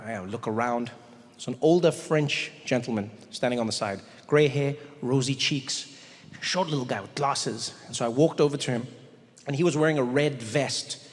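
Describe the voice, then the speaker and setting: A male stand-up comedian telling a story on stage in a large hall, animated and slipping into voices. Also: mid-range voice, moderate pace.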